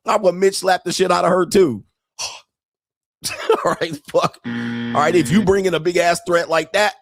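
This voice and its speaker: A man's voice: high voice, fairly even intonation, moderate pace, pauses often, no echo. A man in his fifties, a show host doing a profane, mocking comedic rant and laughing at his own jokes. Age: 50s. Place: home studio.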